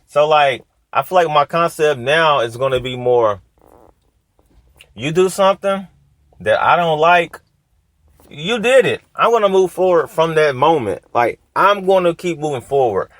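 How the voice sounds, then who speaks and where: A man's voice: on the high side, expressive, unhurried, a bit bright, no room sound. A man talking casually in a self-help monologue, emphatic, repeating phrases and asking rhetorical questions.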